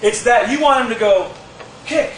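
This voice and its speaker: A man teaching a martial arts move in a lively, demonstrative way, with sound effects, recorded from a distant camera. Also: high-pitched, moderate pace, a little hiss or hum. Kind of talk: casual instructional demonstration. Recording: echoey gym from far off with crowd.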